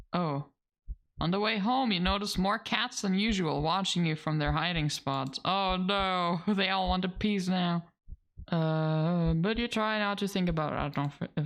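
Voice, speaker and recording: Slow, low-voiced woman reading a game aloud. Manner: reads narration aloud and reacts with laughs and casual swearing. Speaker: game streamer. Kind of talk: let's play commentary, reading game text aloud.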